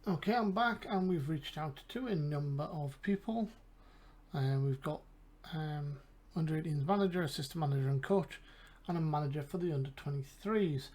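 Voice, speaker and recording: A man's voice: a little high, moderate pace, a little mellow. A man with an English accent, casually commentating a game and thinking aloud with mumbled asides. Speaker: gaming channel host.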